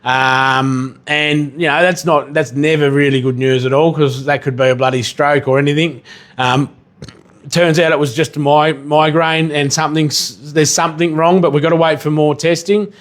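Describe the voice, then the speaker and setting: A man hosting a casual livestream while he cooks. He rambles, swears casually and bursts into excited yelling now and then. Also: on the high side, normal speed. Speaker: livestream host and chef.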